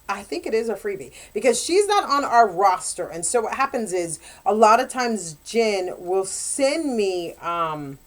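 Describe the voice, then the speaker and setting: A woman and romance author chatting casually in a book review, animated and quick to laugh. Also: mid-range voice.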